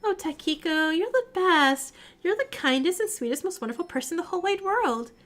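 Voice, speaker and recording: A woman's voice: extremely high pitch, expressive, brisk, a bit bright, voice pushed up. A woman voicing a sweet, self-effacing young woman who gushes with over-the-top praise in a game read-along. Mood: gushing. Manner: gushing, overly sugary.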